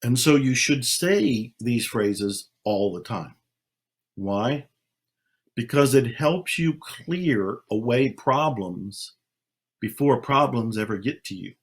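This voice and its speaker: An older man speaking slowly and calmly, leading a guided meditation with long pauses. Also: medium pitch, breathy edge. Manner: slow, calm, soothing, with long pauses. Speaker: self-help speaker. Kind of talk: slow guided meditation talk.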